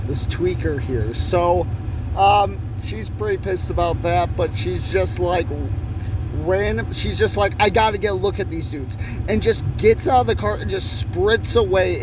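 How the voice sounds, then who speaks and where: A young adult man casually telling a rambling, profane story full of fillers, recorded in a car. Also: high voice. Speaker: vlogger. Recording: noisy car background. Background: car and road noise.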